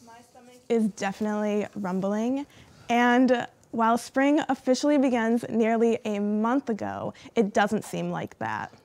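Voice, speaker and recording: A young female co-anchor with a slightly high voice reads campus announcements clearly and brightly. The sound is dry and close, with no room echo. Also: expressive, measured pace. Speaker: news co-anchor. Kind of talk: college TV newscast.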